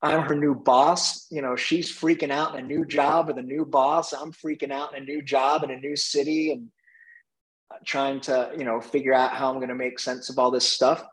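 A man coaching and telling stories in a relaxed panel conversation, thoughtful, with frequent light laughs. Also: mid-range voice, moderate pace, poor audio. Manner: reflective, laughs often, restarts phrases. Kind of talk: conversational storytelling in a panel talk.

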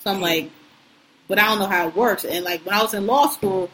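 A woman's voice: mid-range voice, fairly quick, fairly bright tone, rough recording. Podcast co-host, woman in her thirties, AAVE, blunt and profane, venting in casual chat, faint hiss behind.

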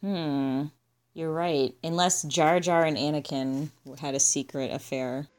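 Low-pitched woman, casual podcast co-host, dry and offhand. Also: fairly even intonation, measured pace, a little mellow, clean tone. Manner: dry, musing, trails off with "I guess". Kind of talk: casual movie discussion.

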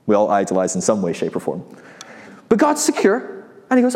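In a low, darkish voice with huge pitch swings, a man delivers a casual sermon a little fast, talking conversationally. Rhetorical questions and soft chuckles run throughout, echoing in long hall reverb.

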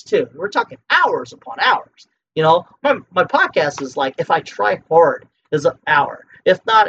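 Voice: medium pitch, a bit bright, a little hiss or hum. A drunk podcast host in a heated, profane solo rant. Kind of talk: solo ranting monologue. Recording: muffled lo-fi with faint clicks.

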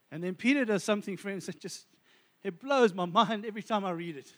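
A man's voice: high voice, fairly quick, a bit bright. A man preaching a sermon, retelling a story and often calling his listeners friends, with many restarts. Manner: addresses listeners as friends, stumbles through restarts.

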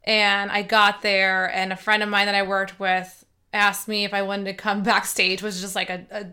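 Podcast guest, woman, bright tone, animated and giggly storyteller. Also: medium pitch, moderate pace. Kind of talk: casual chat.

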